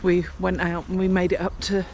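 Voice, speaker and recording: A woman's voice: lowish voice, monotone, fairly quick, a little mellow, a little hiss or hum. Chatty older woman vlogging outdoors. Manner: chatty and rambling, with many fillers. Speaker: vlogger walking a pilgrimage trail. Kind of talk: casual walking vlog chat. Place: outdoors on country paths.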